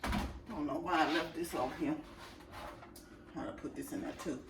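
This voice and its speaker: This is casual vlog chat from a woman whose voice sits low, with fairly even intonation and a moderate pace. The mic is distant, the room echoes, and there's background noise as she unpacks groceries at home, chatting and speaking right to her viewers.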